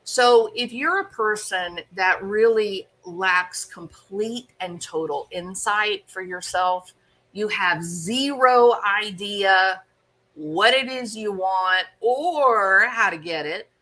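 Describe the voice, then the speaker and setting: A woman's voice: medium pitch, takes it slowly, pushed and bright. A woman hosting her own channel, telling a story with self-mocking, theatrical humor. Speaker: channel host. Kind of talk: storytelling commentary.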